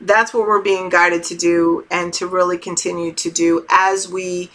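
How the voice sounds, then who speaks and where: Candid, unhurried middle-aged woman. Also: lowish voice, level tone, a bit bright. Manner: candid, loose and swears freely; slow, meandering talk with many fillers. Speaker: tarot channel host. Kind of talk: casual spiritual advice to viewers.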